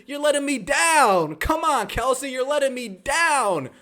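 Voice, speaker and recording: A whiny young woman athlete coaxing and pleading with a teammate, as a man imitates her. Her voice sits high and sing-song. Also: animated, measured pace, sharp tone, exaggerated voice.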